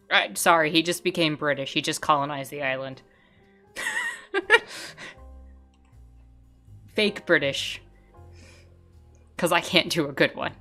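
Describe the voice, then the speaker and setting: A woman's voice: low voice, takes it slowly, long pauses, bright, forceful tone, soft background music. A woman streaming a game, commenting casually, giggling and tripping over her words.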